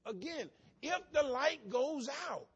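A man preaching a sermon, swinging between soft conversational asides and sudden shouted, rising emphasis. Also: very high-pitched, lively intonation, slow pace, slightly rough, highs cut off. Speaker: pastor.

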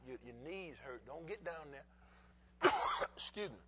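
A middle-aged male pastor preaching a sermon in folksy bursts, repeating words for emphasis and swinging from quiet asides to shouts. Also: a little high, takes it slowly, long pauses, a little hiss or hum, low-quality recording.

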